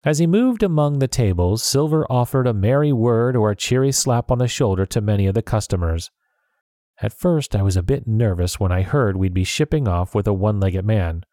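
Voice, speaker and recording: A man narrating a story in a measured, steady reading. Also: fairly low pitch, dry recording, clean studio sound.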